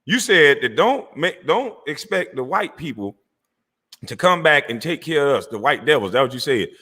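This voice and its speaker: A middle-aged man hosting his own channel, delivering an angry, profane rant to camera, mocking and confrontational, breaking into laughs and shouts. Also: fairly high pitch, big pitch swings, moderate pace, breathy edge. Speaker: channel host. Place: Georgia, USA.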